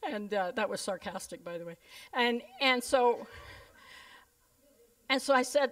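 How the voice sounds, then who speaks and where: Her voice sits a little high and moves at an unhurried pace as she preaches a sermon built on stories. This Canadian pastor is a lively storyteller who voices each person she describes. She's somewhat far from the mic.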